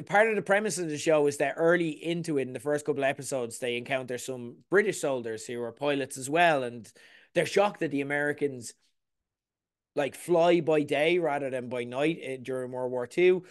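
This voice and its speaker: Male TV reviewer, rambling casual delivery, voice sits a bit high. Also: moderate pace, clear, resonant tone. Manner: chatty, rambling, full of "like" asides. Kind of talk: casual chat.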